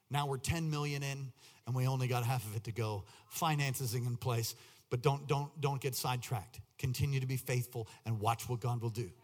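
Exhorting pastor with a husky voice. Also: male voice, medium pitch. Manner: exhorting, repeats lines, rises to near-shouted peaks. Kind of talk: sermon. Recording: long hall reverb, faint music behind.

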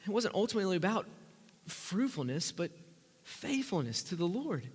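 A man preaching a sermon, emphatic, swinging from loud rising lines to quiet low asides. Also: very animated, normal speed, slightly rough, long reverb tail.

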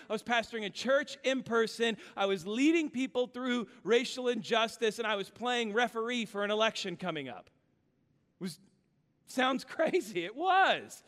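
Pastor guy in his 30s, fairly high voice, preaching with big swings from loud to quiet, long echo of a church hall. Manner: earnest, storytelling, swings from loud to hushed. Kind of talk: sermon. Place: church sanctuary.

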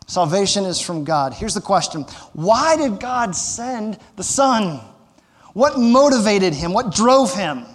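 High-voiced man preaching in an echoing hall. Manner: conversational preaching with rhetorical questions; light humor. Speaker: pastor. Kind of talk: sermon.

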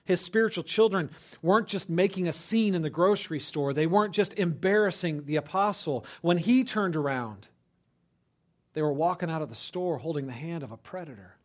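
Conversational preaching man, slightly high voice. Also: normal speed. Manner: conversational, often checks in with listeners; rises to loud animated bursts for emphasis. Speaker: pastor. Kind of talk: conversational sermon.

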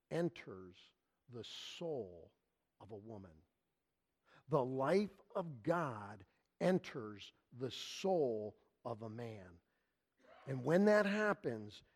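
A male pastor preaching a sermon, emphatic and repetitive, leaning hard on key phrases with slow stress. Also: medium pitch, a little mellow.

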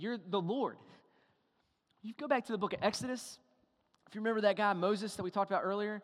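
A man preaching a sermon, animated, firing rhetorical questions and acting out little dialogues. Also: sits high, in a large hall. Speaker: pastor.

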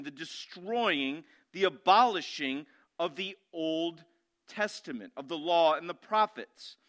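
Pastor guy preaching, high bright voice, gets loud and emphatic, answers his own questions. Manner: emphatic, rising to loud declarations; asks the congregation questions and answers them himself. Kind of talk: sermon.

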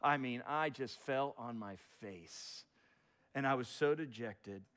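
A man's voice: mid-range voice, takes it slowly, fairly bright tone. A man preaching a sermon, reading scripture and telling a self-deprecating story about his early preaching. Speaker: pastor.

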